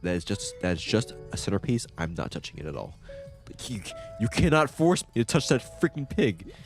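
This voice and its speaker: A male streamer giving chatty, animated commentary while playing a game, breaking into laughing rants. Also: on the low side. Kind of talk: let's-play commentary.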